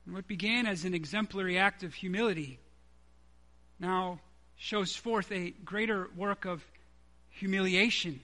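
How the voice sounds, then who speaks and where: A man's voice: high voice, measured pace, bright, forceful tone. A man preaching a sermon, earnest and conversational, with emphatic stresses.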